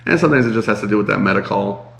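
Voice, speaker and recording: Congested nasal man, gravelly, casual. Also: fairly low pitch, racing, fairly bright tone, roomy sound. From Chicago area. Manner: rambling, many fillers. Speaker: podcast co-host. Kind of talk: casual chat.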